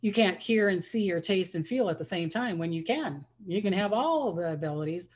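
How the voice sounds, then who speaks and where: A woman's voice: on the low side, animated, normal speed, darkish tone, slight background noise. A woman psychic medium telling stories in a casual interview, rambling with many restarts. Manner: rambling, restarts often, acts out quoted voices.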